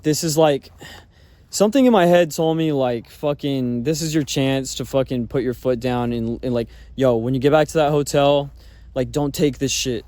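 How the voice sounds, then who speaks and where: A man's voice: medium pitch, normal speed, warm tone, no room sound. A man telling a personal story in a casual, rambling way, full of fillers and swearing. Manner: rambling, filler-heavy talk with frequent swearing.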